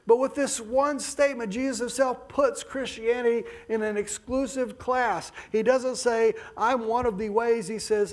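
A man preaching a sermon emphatically, dropping to soft low passages and then rising to raised bursts. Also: steady tone, a little fast, hardly any pauses.

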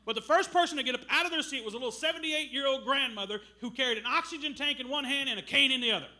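A middle-aged man preaching a sermon as a missionary, telling stories with loud bursts. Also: very high voice, racing. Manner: animated storytelling with loud bursts.

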